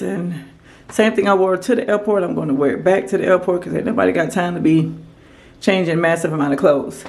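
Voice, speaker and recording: A woman vlogger telling a casual story to her camera, animated and acting out what people said. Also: gravelly, slight background noise. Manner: animated storyteller, acts out quotes in a higher voice. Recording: echoey room.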